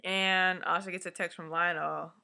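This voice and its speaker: A woman with a voice deep for a woman, recapping a TV episode in a blunt, profane, chatty vlog style. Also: little pitch movement, moderate pace, vocal fry, sharp tone. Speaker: vlogger.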